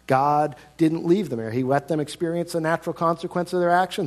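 A male pastor preaching a sermon, swinging between loud emphasis and quiet hushed lines, and putting rhetorical questions to the congregation. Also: a little high, fairly even intonation, a little fast, few pauses.

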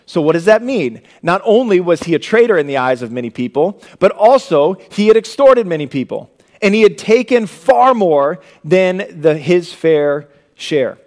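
A young man delivers a sermon with a fairly high-pitched voice. He moves between loud, driving emphasis and quiet, low-voiced moments. His delivery stays dynamic and earnest from start to finish. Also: sing-song, moderate pace. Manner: dynamic preaching, swinging from loud emphasis to hushed low tones. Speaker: pastor.

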